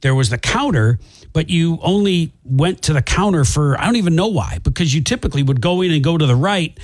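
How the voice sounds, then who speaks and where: Husky man chatting on radio. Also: a little high, expressive, fairly quick, a little mellow, dry recording. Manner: rambling, with restarts and fillers. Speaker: radio show co-host. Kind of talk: casual radio chat.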